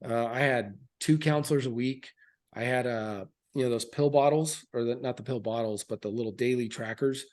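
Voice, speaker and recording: A man's voice: mid-range voice, moderate pace, darkish tone. Frank man in his thirties. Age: 30s. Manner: frank and earnest, with loose fillers and restarts. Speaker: podcast guest, military veteran. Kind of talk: candid interview storytelling.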